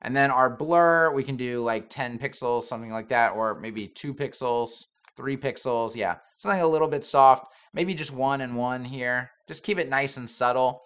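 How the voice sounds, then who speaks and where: A man's voice: medium pitch, normal speed, hardly any pauses, a bit bright, clean tone. A man talking casually through a screen-recorded web design tutorial, thinking aloud with the odd filler as he works.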